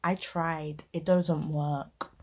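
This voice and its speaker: Husky, ranting woman. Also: sits low, level tone, extremely slow. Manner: indignant, ranting, heavy slang. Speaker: reaction video host. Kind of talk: casual reaction commentary.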